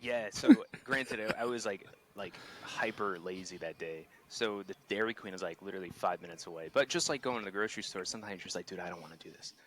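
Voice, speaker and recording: A man in his twenties chats on a podcast as a guest, his voice sitting a little low. He rambles through a story, swears freely and laughs easily. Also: fast, hardly any pauses, crowd noise. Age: 20s. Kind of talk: casual chat.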